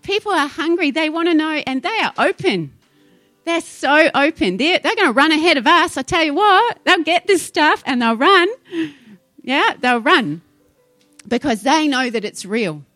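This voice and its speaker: A woman's voice: sits high, lively intonation, normal speed, sharp tone, no echo, soft background music. A woman preaching a sermon, fervent and exhorting, rising into urgent appeals to her congregation.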